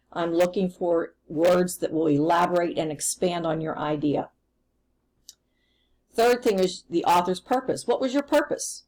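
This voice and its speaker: A woman's voice: on the low side, darkish tone, low-quality recording. A woman teacher recording a remote lesson, explaining patiently and step by step.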